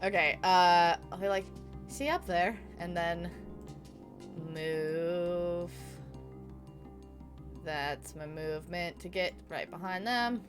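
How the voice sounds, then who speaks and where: A woman's voice: fairly low pitch, slow, pauses often, over music. A woman playing a tabletop game, chatting casually, swearing freely, laughing often and thinking aloud.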